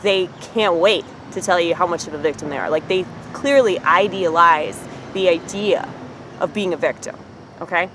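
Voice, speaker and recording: Near a street as trash pickup goes by, a woman rants at her camera in an arrogant, combative vlog, swearing liberally and laughing at her own lines. Her fairly low, fairly bright voice keeps a moderate pace, and the poor audio carries a little hiss or hum.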